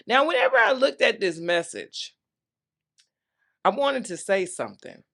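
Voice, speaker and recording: A woman's voice: mid-range voice, expressive, measured pace, vocal fry, a bit bright. A woman in her thirties hosting a talk show, talking candidly and playfully to her viewers. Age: 30s. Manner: candid, chatty, playful call-and-response. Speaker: host. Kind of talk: casual solo talk.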